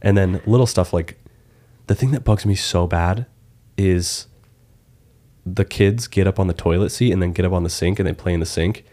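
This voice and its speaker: A young man hosting a podcast, chatting casually and telling crude, animated stories about home life. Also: low voice, normal speed, long pauses. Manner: joking, crude, animated storyteller. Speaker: podcast host. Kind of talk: casual chat.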